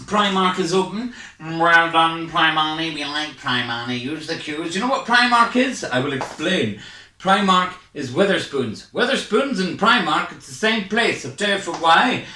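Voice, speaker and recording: Breathless, jittery Scottish comedian. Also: male voice, a little high, animated, normal speed, pushed and bright. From Scotland. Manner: hyper, rambling, self-mocking. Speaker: stand-up comedian. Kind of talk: online stand-up set. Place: his home. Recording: echoey room, far from mic.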